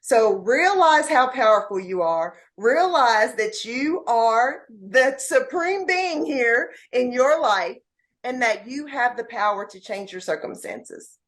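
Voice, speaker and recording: A woman's voice: on the high side, expressive, slow, a bit bright. A woman guest on a podcast, speaking heartfelt and motivational words straight to the listeners. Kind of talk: podcast interview.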